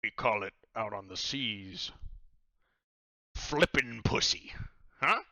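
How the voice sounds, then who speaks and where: A man's voice: fairly low pitch, animated, takes it slowly, bright, forceful tone, no room sound, exaggerated voice. A man voicing a boisterous, jovial male pirate captain in a tabletop role-playing game.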